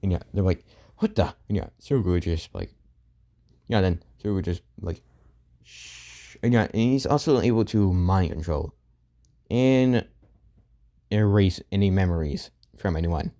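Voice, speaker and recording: A man improvising a fan story, rambling and filling pauses with "and yeah.". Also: sits low, expressive, dark tone.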